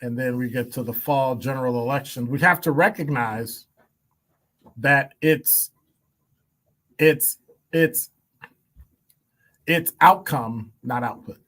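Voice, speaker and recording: A man hosting a talk segment in plain, blunt commentary. He hammers his points with rapid rhetorical questions and dry asides, his pitch sitting at an ordinary middle height. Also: a bit bright. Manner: emphatic, piles up rhetorical questions; blunt, wry asides and chuckles. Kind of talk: opinion commentary.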